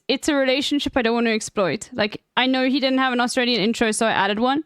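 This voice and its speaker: A woman's voice: on the high side, a bit bright, no echo, clean studio sound. A woman chatting casually on her stream, rambling and emphatic with plenty of swearing.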